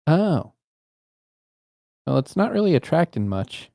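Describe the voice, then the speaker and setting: A man's voice: fairly high pitch, sing-song, slow pace, gravelly, warm tone, no room sound, clean studio sound. A man playing a game with friends, chatting casually and tossing out joking asides. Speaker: co-player. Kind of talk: casual gaming chat.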